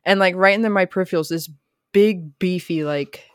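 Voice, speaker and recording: A woman's voice: lowish voice, moderate pace, clear, resonant tone, dry recording, clean studio sound. A young woman co-hosting a podcast, telling rambling, profane stories in casual chat full of "like.". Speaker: podcast co-host.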